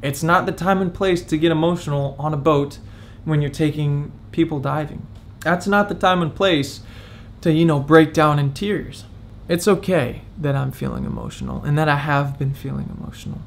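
A man's voice: fairly high pitch, animated, normal speed, creaky, few pauses, a little hiss or hum. A young man in his twenties opening up in a confessional vlog, candid and reflective, talking as if close to tears. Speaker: vlogger.

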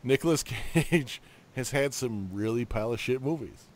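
Blunt man cracking crude jokes, mid pitch. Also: expressive, moderate pace, darkish tone, no room sound. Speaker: podcast co-host. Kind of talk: casual banter.

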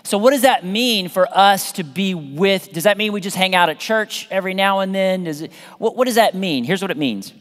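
A man with a fairly high voice preaches from the pulpit, and his words ring out through the long echo of a church hall. He talks to the congregation in a lively, conversational way, repeats key phrases for emphasis and sometimes restarts a sentence. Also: normal speed, hardly any pauses. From Southern United States. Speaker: pastor. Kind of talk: sermon. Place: church sanctuary.

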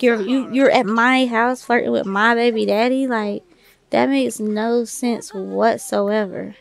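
Woman, sassy let's play commentary, fairly high voice, gravelly edge. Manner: sassy, talks back to the game characters; swears casually, informal slang. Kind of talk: casual gameplay commentary.

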